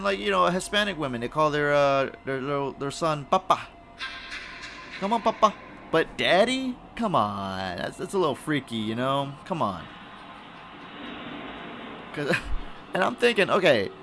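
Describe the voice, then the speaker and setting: A man's voice: a little high, bright, forceful tone, a little hiss or hum. A man hosting a solo podcast alone in a room, rambling and swearing, with many fillers and restarts. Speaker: podcast host. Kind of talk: casual solo podcast rant.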